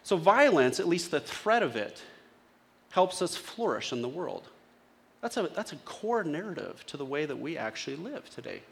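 A man's voice: on the high side, sing-song, moderate pace, gravelly, fairly bright tone. A male pastor giving a sermon in a casual, conversational way, often asking his congregation questions.

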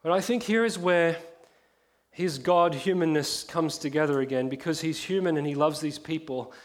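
High-voiced impassioned male preacher. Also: moderate pace. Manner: impassioned, swings from hushed to emphatic. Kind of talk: sermon.

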